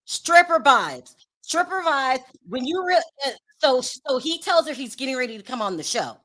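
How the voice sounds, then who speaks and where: A woman dishes celebrity gossip in loose, casual commentary. Her voice is bright and sits a little high for a woman. She talks bluntly, with plenty of sass and dismissiveness. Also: big pitch swings, moderate pace.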